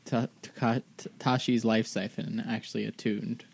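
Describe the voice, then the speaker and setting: A man's voice: on the low side, flat delivery, unhurried, vocal fry, breathy edge. A man co-hosting a podcast and playing a tabletop game, easygoing and questioning. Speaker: podcast co-host. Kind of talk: casual play and podcast outro.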